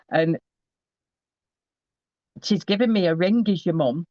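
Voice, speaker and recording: A man gives a psychic reading in a fairly high, chatty voice. He often trips and restarts mid-phrase as he relays messages. The recording is dry and slightly muffled. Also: moderate pace, pauses often, no echo. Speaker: psychic medium. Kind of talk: live spirit reading to a sitter.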